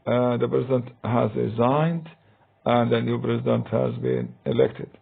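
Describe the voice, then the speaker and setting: A man teaching English grammar in a recorded lesson, talking slowly and hesitantly with many fillers, with a deep gravelly husky voice. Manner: slow, hesitant, many "uh" and "I mean". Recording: tinny phone-like recording.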